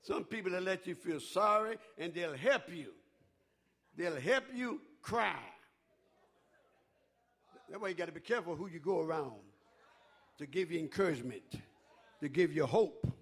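An older man preaching a sermon in call-and-response style, dropping to a hush and then rising to a shout. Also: high-pitched, breathy edge.

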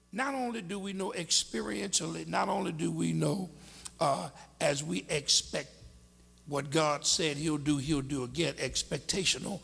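A man preaching a sermon in a church, his voice high and gravelly with plenty of fry. He speaks slowly and deliberately, then swells into shouted lines and call-and-response with the congregation, all carried on a long hall reverb. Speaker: pastor.

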